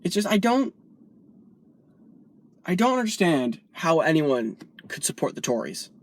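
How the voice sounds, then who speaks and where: A woman's voice: sits low, very animated, a little slow, dry recording. A woman vlogger delivering a heated, profane political rant, from the United States.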